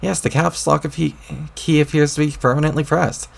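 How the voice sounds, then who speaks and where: A man's voice: on the high side, level tone, fairly quick, gravelly, pitched above the performer's own voice. A man voicing a petulant, arrogant young male alien who barks demands and sulks, reading a webcomic aloud. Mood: indignant. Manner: shouty, indignant, demanding.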